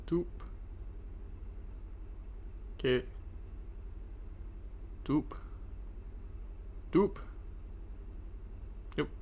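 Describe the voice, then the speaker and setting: A man's voice: a little high, extremely slow, pauses often, dark tone. A young man streaming a card game, talking to his chat as he plays and getting frustrated with his own mistakes. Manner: frustrated, self-critical, talks to chat. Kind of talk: live card game commentary.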